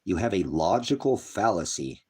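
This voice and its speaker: An online preacher on a livestream speaks at a normal pace in a warm, husky, very animated voice. Profane and mocking, he reads viewer comments, argues with them, and imitates people in shrill put-on voices.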